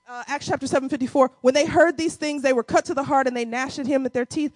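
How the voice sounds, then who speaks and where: A woman preaching a sermon, moving from quiet teaching to shouted, crying exhortation and calling out to the congregation casually. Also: high-pitched, fairly even intonation, fast talker, no echo. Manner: colloquial, addresses congregation as y'all.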